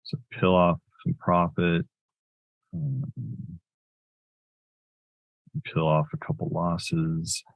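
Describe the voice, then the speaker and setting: A man's voice: sits low, extremely slow, vocal fry, pauses often, dry recording, narrow, tinny audio. A man giving live commentary on his trades as he makes them, thinking aloud in a loose way that corrects itself as he goes.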